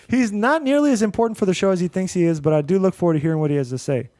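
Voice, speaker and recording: Chatty high-voiced podcast host man. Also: quick pace, darkish tone, no room sound. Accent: mixed Indian-American. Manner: rambling, laughs often, restarts and fillers. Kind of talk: casual podcast chat, reading listener reviews.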